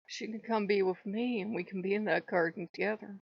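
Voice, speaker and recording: A woman voicing a charming male god who speaks as a smooth, coaxing suitor. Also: medium pitch, steady tone, a little fast, no echo, muffled recording.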